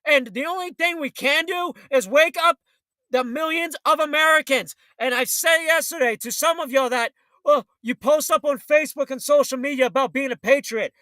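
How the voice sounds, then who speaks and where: A man's voice: very high-pitched, moderate pace, bright, forceful tone, no echo. A man hosting a political talk show, ranting in a fiery, blunt, combative way.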